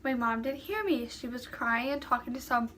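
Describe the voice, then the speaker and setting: A woman's voice: fairly high pitch, moderate pace, fairly bright tone. A young woman vlogger telling a casual storytime, rambling with lots of fillers like "like.". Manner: rambling, filler-heavy retelling with many "like"s.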